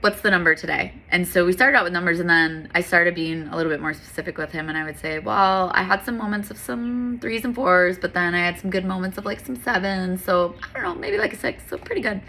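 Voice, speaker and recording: A woman's voice: on the low side, fairly quick, few pauses, bright, forceful tone, a little hiss or hum. A woman yoga instructor talking in an earnest, candid, heartfelt monologue, with frequent fillers.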